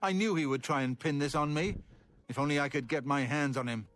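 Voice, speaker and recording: Guy voicing a twitchy hermit npc from a fantasy game, kinda high voice, super dry studio sound, defensive and pleading. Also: brisk, a bit bright, dry recording, faint music behind, natural voice. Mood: indignant. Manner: indignant, then apologetic and pleading. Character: nervous reclusive man accused of vampirism, defensive. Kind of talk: video game character dialogue. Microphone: studio voice recording.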